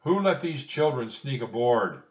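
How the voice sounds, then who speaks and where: A man's voice: fairly low pitch, unhurried, far from the mic, lo-fi sound. Man voicing a stern furious general. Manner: stern and forceful.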